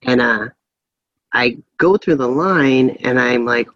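A man's voice: medium pitch, slow pace, fairly bright tone, no room sound, dull audio. A man in his forties co-hosting a casual chat podcast, telling stories and laughing often. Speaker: podcast co-host.

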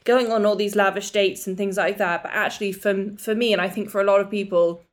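A woman's voice: medium pitch, fairly even intonation. A young woman co-hosting a podcast, talking in a chatty, open way about relationships. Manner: chatty, emotional, quick asides. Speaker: podcast co-host. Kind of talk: casual chat.

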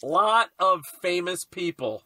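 A man's voice: high-pitched, lively intonation, sharp tone, no room sound. A man co-hosting a podcast, tossing out goofy jokes and banter about a movie. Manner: goofy, quick banter and joking asides. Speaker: podcast co-host. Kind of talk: casual comedic movie commentary.

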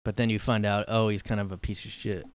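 A podcast host records from his room, his low-ish voice delivered flat and fast with a clean tone. He rambles through mocking, incredulous commentary on a clip, packed with fillers and asides.

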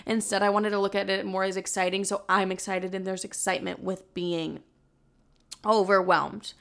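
A woman's voice: medium pitch, little pitch movement, moderate pace, gravelly, a bit bright. A woman in her twenties chatting candidly as a vlogger, full of filler words and casual swearing. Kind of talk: casual chat.

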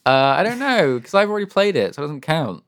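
A man's voice: high-pitched, very animated, fast. Male podcast co-host: playful, needling, easygoing chat. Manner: teasing, playful, laughs often. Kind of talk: casual chat.

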